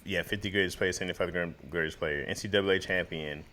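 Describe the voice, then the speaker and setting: A man's voice: sits low, steady tone, fast, bright, forceful tone, a little hiss or hum. A man co-hosting a podcast in loose, joking banter, laughing often and talking in slang. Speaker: podcast co-host. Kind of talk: casual chat.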